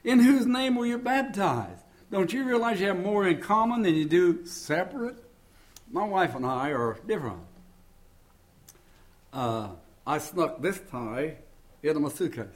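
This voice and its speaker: A man's voice: a little high, lively intonation, measured pace, long pauses. An older man preaching a sermon in a folksy way, mixing scripture with jokes and homespun stories. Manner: folksy, joking storyteller.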